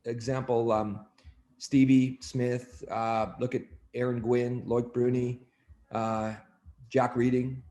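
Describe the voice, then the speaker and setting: A man, an athletic coach, talking on a podcast, telling stories in a lively way full of fillers and restarts. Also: medium pitch, takes it slowly. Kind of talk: podcast conversation.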